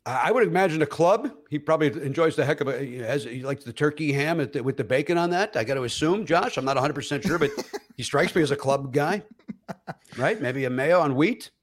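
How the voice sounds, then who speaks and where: A man, a comedian, telling stories in a casual podcast chat, with loud acted-out quotes, many fillers and restarts, and frequent laughter. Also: on the high side, animated, a little fast. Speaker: comedian guest.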